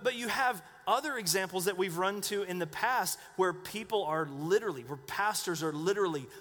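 A man's voice: fairly high pitch, a bit bright, big-room sound. A man preaching a conversational sermon as pastor, asking the congregation questions. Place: church.

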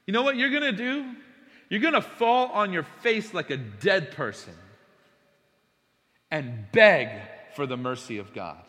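A man preaching a sermon, telling stories with big swings between hushed, slow passages and loud bursts. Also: sits high, big pitch swings, big-room sound.

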